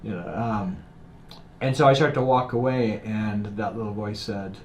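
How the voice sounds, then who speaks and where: A man's voice: fairly low pitch, moderate pace. A man telling a personal story as a guest in a casual interview, acting out the quotes as he goes. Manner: animated storyteller, acts out quotes. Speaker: guest author. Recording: roomy with faint noise.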